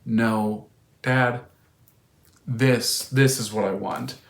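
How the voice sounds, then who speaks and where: A man's voice: medium pitch, fairly even intonation, very slow, vocal fry. A man voicing an eager, impatient young boy who begs his father for toys in a store. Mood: insistent. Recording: roomy echo.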